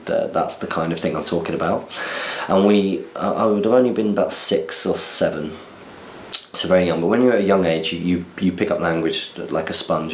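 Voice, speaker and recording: Deep-voiced chatty man in echoey room. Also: a little hiss or hum. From southern England. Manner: rambling, self-deprecating, chatty. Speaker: podcast host. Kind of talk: casual chat.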